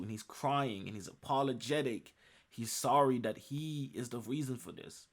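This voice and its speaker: A man's voice: medium pitch, lively intonation, normal speed, gravelly. A man reviewing a webtoon chapter in an enthusiastic recap, emphatic and repeating phrases for emphasis.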